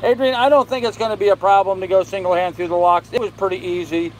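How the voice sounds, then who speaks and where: An older man hosting a casual live stream from his boat, tired and unhurried, greeting viewers by name as he reads their comments. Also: high voice, fairly even intonation, poor audio. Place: on a sailboat with air conditioning and fan running. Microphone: phone. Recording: faint fan and air-conditioner hum behind.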